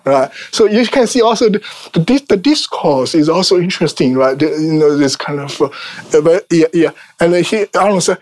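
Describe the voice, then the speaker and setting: Casting: high-pitched male lecturer, chatty and informal, constant tag questions, frequent "uh" and restarts. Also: expressive, brisk, a little mellow. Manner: tags nearly every phrase with "right?", many fillers and restarts; laughs at his own asides.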